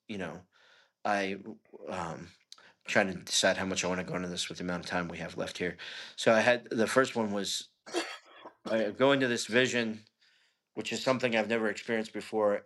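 A man's voice: on the low side, a bit bright. A middle-aged man, a pastor, telling a personal testimony in an interview in an earnest, conversational way. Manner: earnest, conversational storytelling with frequent "you know".

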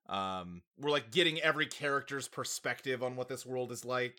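A man co-hosting a podcast in casual chat, animated and jokey, often laughing and slipping into silly voices. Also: medium pitch, moderate pace, few pauses. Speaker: podcast co-host.

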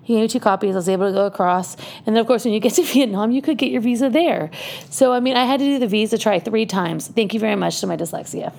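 A woman's voice: mid-range voice, quick pace, vocal fry, darkish tone. A woman telling a personal story in casual chat, chatty and laughing often as she goes.

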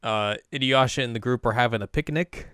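Laid-back man with a smooth voice. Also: medium pitch, fairly quick, fairly bright tone, dry recording, studio quality. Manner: loose, rambling, laid-back. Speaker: podcast co-host. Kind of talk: casual chat recapping an anime.

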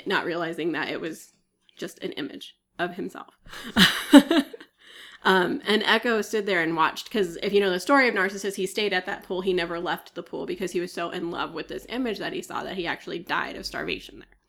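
A woman's voice: fairly low pitch, brisk, creaky, a bit bright. A woman co-hosting a podcast, retelling a myth in a chatty storytelling way with many fillers and frequent coughs. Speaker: podcast co-host. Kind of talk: casual chat, retelling a myth.

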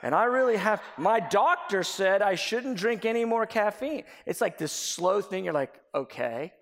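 A man with a fairly high voice preaches a sermon, his words ringing out through a large, reverberant church sanctuary. He talks animatedly and slips into little acted-out scenes of everyday dialogue. At times he drops to a near whisper to press a point home. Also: normal speed, a bit bright. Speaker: pastor. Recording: long hall reverb.

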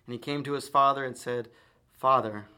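A man reading scripture aloud in a measured, solemn manner. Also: mid-range voice, little pitch movement, sharp tone, clean tone. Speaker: reader.

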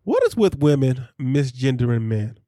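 A man co-hosting a podcast in casual chat, animated and jokey. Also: mid-range voice, dry recording, studio quality. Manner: animated, jokey, quick asides. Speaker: podcast co-host.

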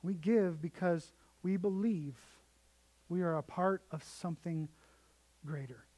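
A man's voice: sits high, a little slow, dark tone, rough recording. A young man preaching a sermon in a conversational storytelling way, often restarting sentences. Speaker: pastor.

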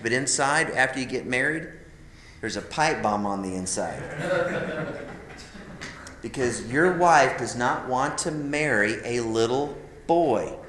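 In a reverberant classroom or meeting room, a man with a slightly high, fairly bright voice teaches a live class of men. He speaks conversationally yet emphatically, calling them "guys" and posing rhetorical questions.

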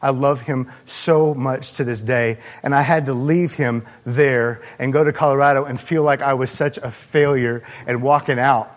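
Male pastor, sermon, earnest and halting, mid-pitched voice, long echo of a big hall. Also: steady tone. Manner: earnest, halting storytelling with many restarts.

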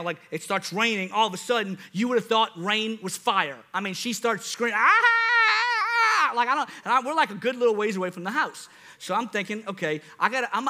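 A young man preaching a sermon, telling stories in an animated way with big swings in his voice. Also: high-pitched. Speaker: pastor.

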